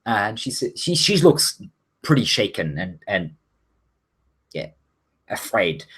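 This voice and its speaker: A man narrating as game master of a tabletop game, unhurried and full of pauses and fillers. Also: on the low side, breathy edge. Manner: relaxed narration with frequent um and uh.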